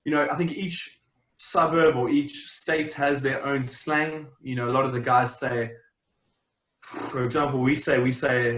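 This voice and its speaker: A man's voice: mid-range voice, steady tone, moderate pace, a bit bright. A young South African man with a South African accent, chatting casually as an interview guest, rambling with lots of fillers and restarts. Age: young adult. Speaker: interview guest, champion swimmer. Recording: roomy, echoey sound.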